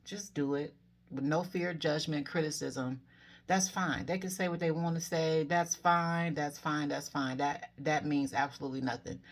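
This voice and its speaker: A woman in her forties telling personal spiritual stories to her viewers in a casual, earnest way, often correcting herself mid-story and giving encouraging advice. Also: a bass voice. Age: 40s. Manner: encouraging advice to fellow dreamers. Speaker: spiritual vlogger.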